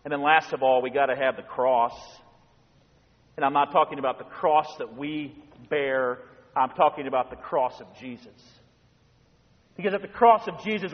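A middle-aged male pastor delivers his sermon with a high, lively voice. He tells stories with animation and slips into quieter, hushed passages. The sound is dull and carries a long church reverb. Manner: animated storytelling, acting out voices in bursts. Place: church sanctuary.

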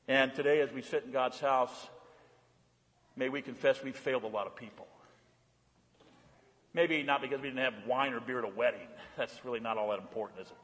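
A man preaching a sermon as pastor, swinging from lively and playful to hushed and earnest. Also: a little high, fast, big-room sound. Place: church.

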